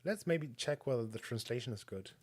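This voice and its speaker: Guy streaming, rambly and self-deprecating, average pitch, lots of ums. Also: animated, fairly quick. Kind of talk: casual solo stream chat.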